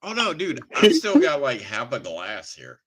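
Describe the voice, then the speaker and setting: A man's voice: mid-range voice, wildly swooping pitch, measured pace, a crowd in the background, low-quality recording. A man in his forties hosting a podcast, tipsy and rambling, with a jokey, profane way of talking. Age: 40s. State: tipsy from drinking wine. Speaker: podcast host. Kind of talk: casual chat.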